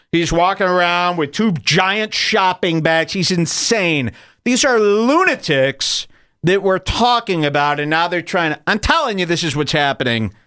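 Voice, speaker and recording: A man's voice: high voice, pushed and bright, clean tone, no echo, studio quality. A man hosting a comedy podcast, ranting in a crude, emphatic way. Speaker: podcast host. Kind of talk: comedic rant.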